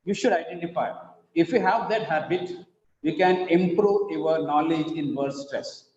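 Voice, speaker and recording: A man teaching an online phonetics class, patiently repeating words slowly to model stress. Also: on the high side, a little mellow. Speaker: English teacher. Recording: echoey, dull online call audio.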